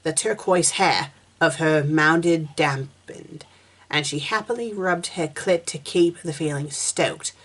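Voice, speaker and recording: A woman's voice: sits low, takes it slowly. A woman reviewer reading fan fiction aloud, breaking in with sarcastic, exasperated comments.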